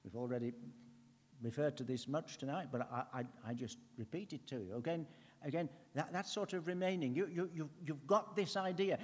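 A man preaching in an earnest, conversational way, his voice sitting a little higher than most men's. He leans hard on some words and drops to near a hush on others. A long reverb trails behind him, as in a church hall. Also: normal speed. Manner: earnest, swings between emphatic and hushed. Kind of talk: conversational sermon.

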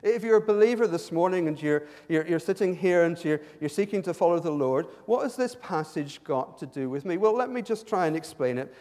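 A man's voice: fairly high pitch, animated, brisk, few pauses, darkish tone, long reverb tail. A man brought up in Ireland, preaching a sermon as a pastor in a conversational way, with joking asides and repeated words as he starts his sentences. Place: church hall.

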